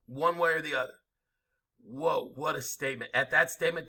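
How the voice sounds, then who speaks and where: A man's voice: fairly high pitch, sharp tone. A man lecturing a history class, emphatic and informal, asking rhetorical questions as he goes. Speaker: history teacher.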